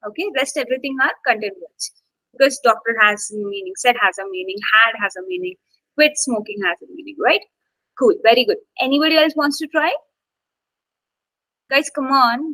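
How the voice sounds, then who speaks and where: A woman's voice: on the high side, moderate pace, bright, forceful tone, no room sound, low-quality recording. A woman instructor teaching an online English class, coaxing students to take part, with many fillers.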